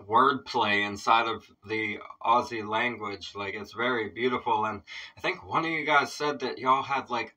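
Brief: male reaction host, very bright tone, laid-back casual chatter, sitting a bit off the mic. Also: mid-range voice, far from the mic, poor audio.

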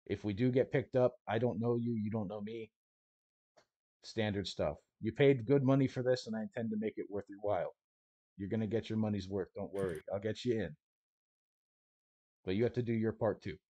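A man voicing a gruff adult male smuggler guide who gives clipped, businesslike warnings, in a slightly raised version of his own voice. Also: lowish voice, fairly quick, long pauses, warm tone, no echo, highs cut off, close to an everyday voice.

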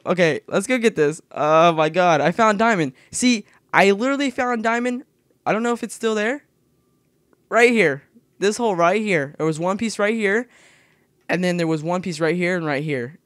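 A young man giving rambling, casual commentary while playing a game, excitable and quick to yelp when startled. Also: fairly high pitch, dry recording, clean studio sound. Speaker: gaming video creator.

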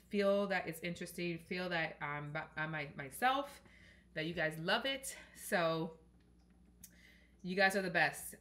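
A woman vlogger chatting to her viewers while cooking, warm and encouraging, recorded without a mic in a home kitchen. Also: on the low side. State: sick, under the weather. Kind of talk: casual chat while cooking. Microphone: no mic, camera's built-in mic.

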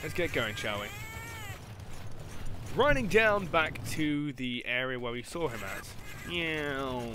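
A young man giving live gameplay commentary, swinging from loud swearing outbursts to low muttering as he plays. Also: big pitch swings, unhurried, long pauses, background noise. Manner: swears and yelps at the game. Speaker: gaming commentator.

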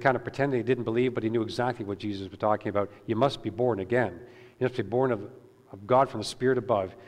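Male pastor, mid-pitched, casual sermon delivery, church hall reverb. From Canada. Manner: conversational preaching with fillers and repeated words. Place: church sanctuary.

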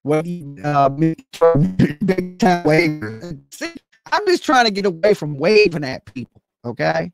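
Animated, high-pitched man livestreaming. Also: unhurried, vocal fry, dry recording, soft background music. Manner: animated, joking, rambling, swears casually, calls himself by name. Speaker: livestream host. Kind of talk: casual livestream chat.

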